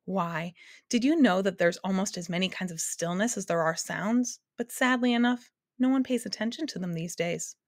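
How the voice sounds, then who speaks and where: A woman voicing the Soundkeeper, a lonely, chatty woman who keeps all sounds and speaks gently and gushingly. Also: medium pitch, normal speed, no echo, studio quality, close to an everyday voice. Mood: dreamy.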